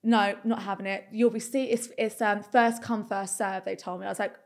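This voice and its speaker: A young woman telling a story in casual podcast chat, animated and swearing, acting out the people in it. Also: medium pitch, moderate pace. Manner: animated, swearing, acts out voices in her story. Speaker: podcast co-host.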